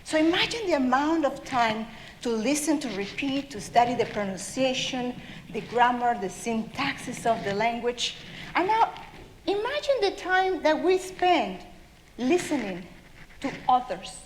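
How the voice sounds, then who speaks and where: A woman with a South American accent gives an animated storytelling talk to an audience as a children's author. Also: sits high, a little slow, slight background noise. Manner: animated, expressive. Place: stage at a public event. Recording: roomy hall with faint ambience.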